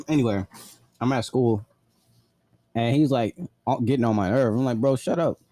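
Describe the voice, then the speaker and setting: A man's voice: mid-range voice, normal speed, warm tone, no echo, studio quality. A man casually telling a personal story, blunt and profane, full of "like" fillers.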